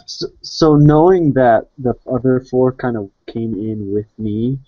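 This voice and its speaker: A man's voice: mid-range voice, measured pace, no room sound. A man casually talking as a player in a tabletop game. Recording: muffled dry online voice chat.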